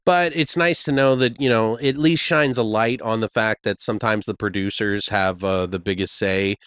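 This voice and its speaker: A man's voice: lowish voice, normal speed, fairly bright tone, clean tone, no room sound, clean studio sound. A man hosting a horror podcast in casual chat, crude and jokey, laughing often. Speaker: podcast host.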